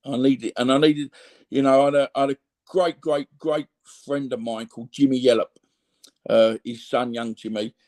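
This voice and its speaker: A middle-aged man with a Cockney accent and a medium-pitched, darkish voice speaks candidly as an interview guest. His reflective talk rambles, and he keeps adding "you know what I mean" asides.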